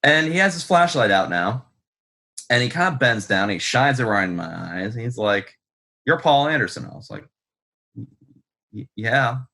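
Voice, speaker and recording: A man's voice: medium pitch, sing-song, moderate pace, vocal fry, sharp tone. A man, a guest author telling stories in a rambling, profane, self-deprecating way full of ums. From United States. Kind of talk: casual storytelling in an interview.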